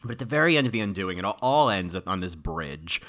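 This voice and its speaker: A man chatting casually as he reviews a TV miniseries, wry and loose, with lots of fillers and sudden jumps in pitch. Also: big pitch swings, a little fast, fairly bright tone.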